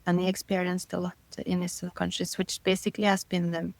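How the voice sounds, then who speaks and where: A woman's voice: fairly low pitch, monotone, a little fast, gravelly, a little mellow, no room sound, poor audio. A middle-aged woman being interviewed, talking thoughtfully and searching for her words, often breaking into light laughter between thoughts. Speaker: guest. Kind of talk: casual interview conversation.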